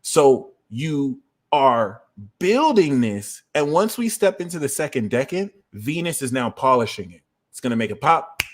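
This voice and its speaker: Man explaining astrology, energetic and chatty. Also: medium pitch. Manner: energetic and conversational, with quick asides. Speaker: astrology livestream host. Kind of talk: explaining astrology transits to a live audience.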